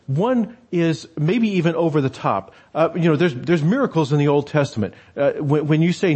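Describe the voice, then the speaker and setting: A male pastor giving a conversational sermon, halting often with fillers and restarts. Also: on the high side, animated, a little mellow, slightly rough.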